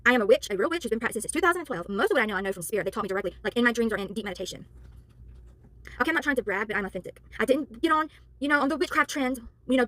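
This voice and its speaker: A worn-out woman vents to camera at a breakneck clip, her voice sitting a little high. She sounds exasperated and keeps apologizing for yelling, speaking as a spiritual worker, and the sound is close and dry with no room around it. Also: no echo. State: tired, worn out. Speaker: spiritual worker and tarot reader. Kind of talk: heated rant to camera.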